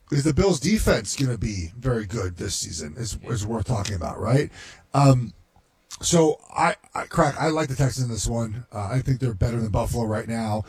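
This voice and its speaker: Husky former player talking football. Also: male voice, mid-range voice, a little mellow. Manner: conversational, many fillers and "right?" checks. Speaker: former NFL player analyst. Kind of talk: sports talk radio chat.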